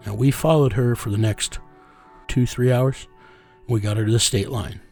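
A man's voice: medium pitch, fairly even intonation, moderate pace, darkish tone, faint music behind. A man telling a story in an interview, bluntly and with a lot of swearing, often quoting what he said. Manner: blunt, profane, quotes himself often. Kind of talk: casual storytelling.

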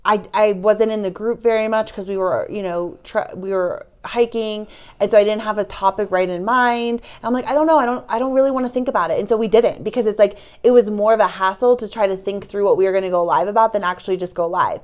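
A woman co-hosting a podcast, chatting in an upbeat, conversational way. Her voice is smooth and clear, at an ordinary middle pitch. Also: fairly even intonation, a little fast, a little mellow. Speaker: podcast co-host. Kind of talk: casual chat.

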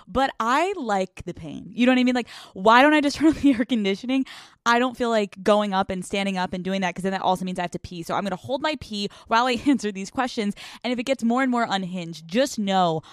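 A woman hosts a casual solo podcast from her bedroom. She chats candidly and rambles, swears freely and laughs often. Her voice sits mid-pitch in a dry, close recording. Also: expressive, fast, no echo. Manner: chatty, candid and profane, with a giggly, rambling delivery. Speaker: podcast host.

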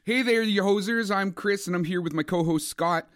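A man's voice: high voice, normal speed, a bit bright, pitched above the performer's own voice. A man putting on a goofy Canadian hoser. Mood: jokey. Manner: broad exaggerated Canadian drawl. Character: dopey Canadian hoser bro, good-natured.

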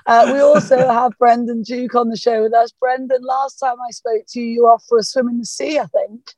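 Woman host with a husky sore throat. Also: a little high, fairly even intonation, brisk, darkish tone, no echo, poor audio. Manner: chatty, self-mocking, laughing. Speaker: podcast host. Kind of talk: casual podcast chat. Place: parked car.

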